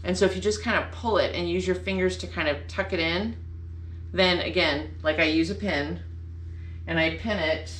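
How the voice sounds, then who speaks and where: A bubbly, rambling woman hosts a casual sewing vlog from her home sewing room, often correcting herself as she chats. Her voice is lowish and a bit bright, at a moderate pace. The room is echoey, with faint ambience and slight background noise.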